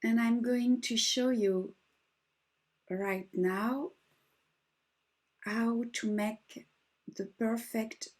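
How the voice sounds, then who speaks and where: A woman's voice: on the high side, steady tone, extremely slow, pauses often. A woman with a French accent, speaking English as a second language, patiently walking viewers through an embroidery stitch step by step. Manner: gentle, patient, slightly broken English. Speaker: embroidery teacher. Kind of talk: slow step-by-step craft demonstration.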